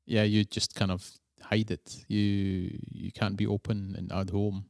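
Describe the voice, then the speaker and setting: A man's voice: lowish voice, little pitch movement, a little slow, darkish tone, clear, resonant tone, no echo, studio quality. A man with a Scottish accent, a guest in a conversational interview, telling stories in a rambling way and often correcting himself. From Scotland. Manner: rambling, self-correcting storyteller.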